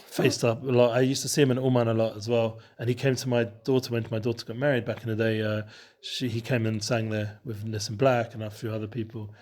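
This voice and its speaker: A man leads a casual Torah study at a quick, rushing clip. He keeps stopping and restarting his sentences and drops Hebrew and Yiddish terms in as he goes. His voice sits at a middling pitch. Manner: fast, loose and animated, with many restarts. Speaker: Torah teacher and show host.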